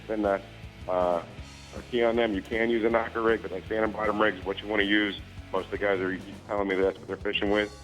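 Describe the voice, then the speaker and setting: Low-voiced man giving a fishing report. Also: poor audio. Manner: steady, informative listing.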